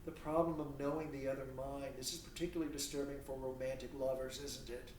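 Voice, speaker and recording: A man lectures fast in a darkish, medium-pitched voice that barely moves in pitch, asking rhetorical questions and performing imagined exchanges. This university lecture was captured in an echoey room with a distant mic and a little background noise.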